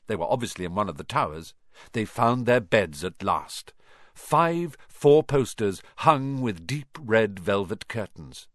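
A man narrates a storybook with expressive, animated reading. His pitch moves freely and lively through each sentence, at a middling register. The sound is dry and close to the mic. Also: no echo. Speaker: audiobook narrator.

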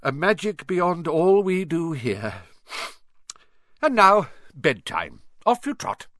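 Dumbledore, a man doing a gentle old wizard. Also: a little high, sing-song, slow pace, dry recording, clean studio sound, pitched above the performer's own voice, exaggerated voice. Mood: fond. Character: kindly old male wizard headmaster.

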